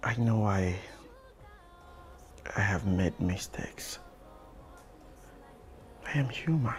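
A man's voice: on the low side, animated, drawn-out words, soft background music. A man playing a remorseful husband earnestly pleading with his wife for a second chance. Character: remorseful young husband begging for forgiveness.

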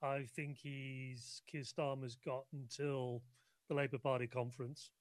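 A man's voice: mid-range voice, level tone, measured pace, no room sound. A man from the UK, a guest in a casual talk show conversation, jovial and bantering.

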